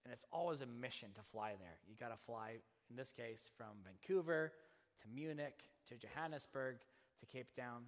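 Speaking at normal speed in a medium pitch, this man in his thirties is a pastor delivering a sermon. He tells a personal story with animation, performing the voices of its characters, and hall reverb colors the sound.

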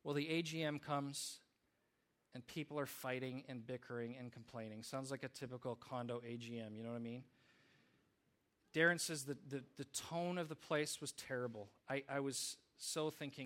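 A man's voice: mid-range voice, steady tone, moderate pace, a bit bright. A man preaching a sermon, telling stories in an earnest way with small restarts. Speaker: pastor.

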